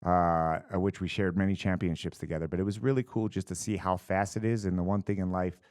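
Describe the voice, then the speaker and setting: Man, deep low voice, fight coach guest, lively storyteller, acts out quotes. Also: fast. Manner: animated storyteller acting out quotes with fillers. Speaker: boxing and MMA coach, guest. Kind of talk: casual storytelling interview.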